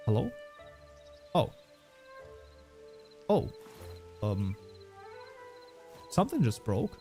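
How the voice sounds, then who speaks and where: A man's voice: on the low side, huge pitch swings, extremely slow, mellow, faint music behind. A man with a German accent chatting casually on a livestream, joking around and reading viewer messages aloud. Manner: joking, reads chat aloud, many fillers. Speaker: streamer.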